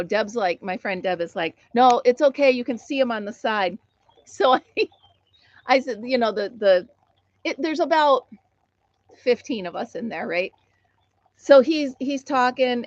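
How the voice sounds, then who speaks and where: A middle-aged American woman hosts a casual live stream, telling a funny story and laughing often while she reads viewer comments. Her voice sits on the high side, and the audio is dull with no echo.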